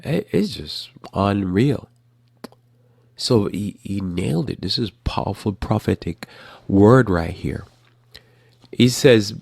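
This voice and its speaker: A man hosting a casual religious talk show about current events, rambling with restarts in a flat, matter-of-fact way. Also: lowish voice, takes it slowly, gravelly, long pauses, slightly rough, no echo, clean studio sound. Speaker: host.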